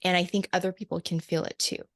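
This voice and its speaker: A woman's voice: lowish voice, level tone, quick pace, dry recording. A woman who works as a light language channeler, talking reflectively as an interview guest, laughing often and restarting her sentences. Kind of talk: casual interview conversation.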